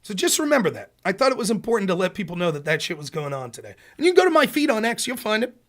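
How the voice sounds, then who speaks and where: A man with a high voice delivers a heated political rant on his stream. He is sarcastic and keeps firing questions at his audience. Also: big pitch swings, very fast, fairly bright tone. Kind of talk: casual ranting commentary.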